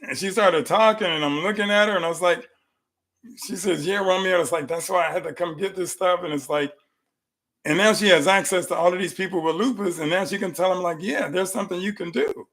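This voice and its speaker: Hosting a live health talk from his clinic room, a middle-aged man speaks fairly quickly in a voice that sits a little high for a man. He tells animated stories and repeats phrases to drive his points home.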